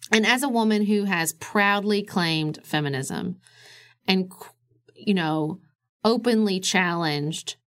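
Woman, forties, podcast co-host, lowish pitch, casual emphatic chat. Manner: animated, emphatic, swings up high when quoting others.

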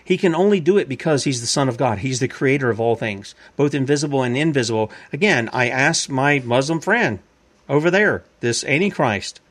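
A man's voice: mid-range voice, lively intonation, brisk, fairly bright tone. Man preaching in a chatty, repetitive way. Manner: conversational, repetitive, asks and answers his own questions. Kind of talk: informal Bible-teaching sermon.

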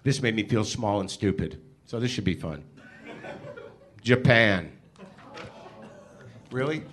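A man's voice: lowish voice, animated, slow, a crowd in the background, background noise. A man hosting a podcast live on a theater stage, reading listener emails aloud with sarcastic, exasperated asides.

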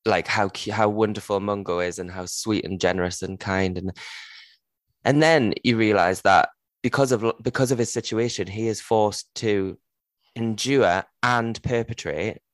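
A man's voice: lowish voice, normal speed, no room sound. A man co-hosting a casual book podcast, talking earnestly with many fillers like "like". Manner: earnest, lots of "like", occasional swearing. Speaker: podcast co-host.

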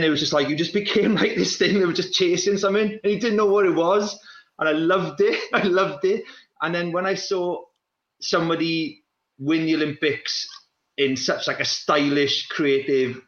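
Fast, restless man in a roomy space. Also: fairly high pitch, fairly bright tone. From Wales. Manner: restless, repeats words, quick bursts of speech. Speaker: guest, former runner. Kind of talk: casual chat. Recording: roomy, dull lo-fi sound.

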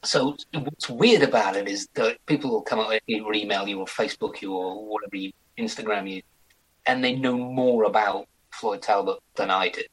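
A man in his forties, an actor chatting as an interview guest in an animated way. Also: fairly low pitch, normal speed, breathy edge, poor audio. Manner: chatty, animated, slips into mock accents. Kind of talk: casual interview chat.

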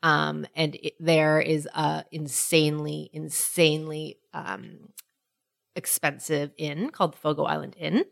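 Woman chatting on a podcast, tells stories all animated, swears a lot, does the voices of people she quotes. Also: low-pitched, a little slow, vocal fry. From Canada. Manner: animated storytelling, swearing freely, acting out quotes. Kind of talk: casual chat.

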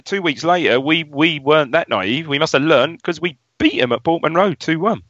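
A man co-hosting a casual football history podcast, jokey and quick to banter. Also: a little high, expressive, fairly bright tone, no echo, highs cut off. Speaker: podcast co-host.

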